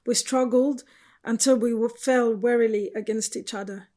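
A woman narrating a novel in the first person, quiet, measured and sorrowful. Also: on the high side, steady tone. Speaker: audiobook narrator.

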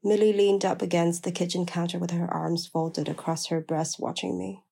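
Gravelly low-voiced woman narrator. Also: flat delivery, moderate pace, mellow. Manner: blunt, plain-spoken storytelling. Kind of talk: first-person memoir narration.

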